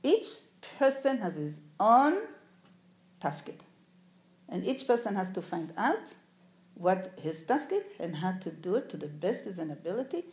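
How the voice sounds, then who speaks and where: A woman's voice: medium pitch, darkish tone. Woman telling stories in an echoey room. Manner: storytelling, puts questions to the audience. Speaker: speaker recalling her father before an audience. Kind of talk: anecdotal talk to a live audience.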